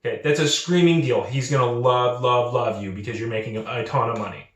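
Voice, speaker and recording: A young man talks in a casual, earnest way, restarting his sentences and repeating himself for emphasis. His pitch sits in the middle. The room is hard-walled and echoes around him. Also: fairly quick. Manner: acts out quoted recruiters in lively voices. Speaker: channel host. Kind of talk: casual advice monologue.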